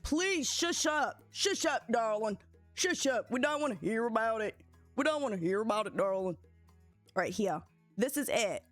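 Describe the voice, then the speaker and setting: A young woman chatting excitedly with her viewers while streaming a building game. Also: fairly high pitch, dry recording. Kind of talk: casual live-stream commentary.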